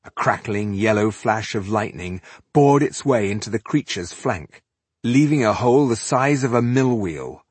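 A man narrating a fantasy novel as an audiobook in a steady, measured storytelling manner. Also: fairly low pitch, husky, no echo.

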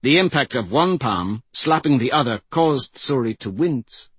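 Slow, husky male audiobook narrator. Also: expressive, a bit bright, no room sound. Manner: measured and dramatic, tense passages rise in pitch. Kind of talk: scripted fantasy narration.

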